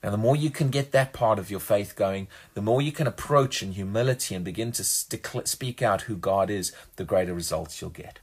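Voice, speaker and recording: A man's voice: fairly low pitch, brisk, hardly any pauses, husky. A man preaching a sermon, earnest and emphatic, often repeating words as he restarts a phrase.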